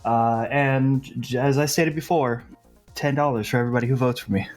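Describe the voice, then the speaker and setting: A man speaks as a debate candidate in a halting, mock-formal way, pausing often. Faint music runs underneath. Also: medium pitch, steady tone.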